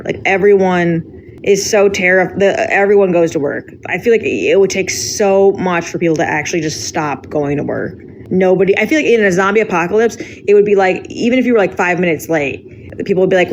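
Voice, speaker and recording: A woman's voice: on the low side, fairly quick, a little hiss or hum. Chatty woman riffing with lots of "like". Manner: chatty, heavy use of "like". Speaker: podcast guest. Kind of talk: casual comedic riffing.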